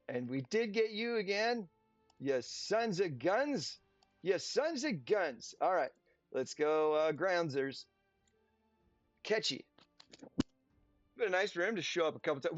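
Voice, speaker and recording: His voice is a little high and carries no echo as this streamer talks through his gameplay in a casual, chatty way. He leans sarcastic and slips into playful, silly voices, all captured in dull lo-fi audio with faint music underneath.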